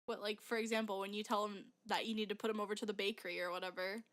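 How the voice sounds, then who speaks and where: A woman's voice: mid-range voice, flat delivery, racing, fairly bright tone. A young woman telling a story as a podcast co-host, rambling and full of "like" fillers. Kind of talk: casual chat.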